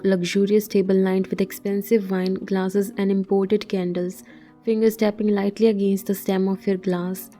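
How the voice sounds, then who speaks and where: Woman narrating a story in second person, mellow darkish voice, even pace. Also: medium pitch.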